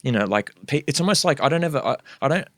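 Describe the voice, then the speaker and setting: A man's voice: fairly high pitch, expressive, quick pace, a bit bright, dry recording, studio quality. A young man talking as a guest MC on a casual podcast, earnest and rambling as he thinks aloud.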